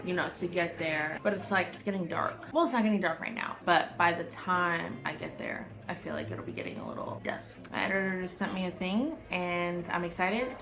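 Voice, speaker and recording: A young woman talks straight to her camera in a loose, chatty vlog style. Her voice is bright and forward, loud with playful asides. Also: on the low side, slight background noise. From United States. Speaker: travel vlogger. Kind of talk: casual vlog chat.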